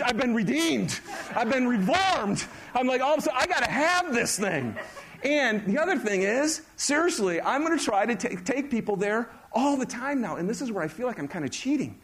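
Male pastor, middle-aged, bright high voice, lively conversational sermon that keeps questioning the audience.

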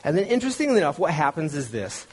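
A middle-aged male pastor with a somewhat high, husky voice. He preaches in a relaxed, conversational way and tells the story as he goes. He stumbles and restarts often and slips into other voices for the people he quotes. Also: fast. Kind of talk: conversational sermon.

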